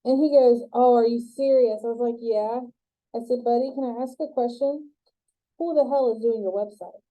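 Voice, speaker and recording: A woman teaches a college web design class in a chatty, joking way, telling stories in which she acts out both sides of conversations. Her voice is a little high and dark in tone, at a normal speed, with poor audio.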